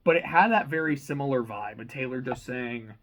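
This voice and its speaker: A young man giving a casual, excitable book reaction, rambling and swearing freely. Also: mid-range voice, a little fast, low-quality recording. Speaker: reaction channel host.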